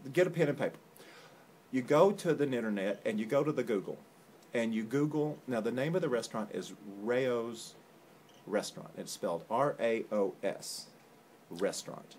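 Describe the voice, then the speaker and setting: A man's voice: mid-range voice, animated, moderate pace, a little mellow. A man chatting casually as co-host of a home vlog, recorded on a phone indoors. He rambles through his story with dry jokes in a mid-range voice, and a faint noise sits under the recording. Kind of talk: casual chat. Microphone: phone camera.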